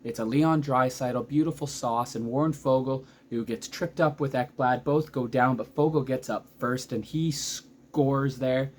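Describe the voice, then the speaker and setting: A man in his thirties giving a casual, excitable recap of a hockey game as a vlogger, chatty and often losing his thread. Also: medium pitch, normal speed. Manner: excitable, chatty, loses track mid-sentence.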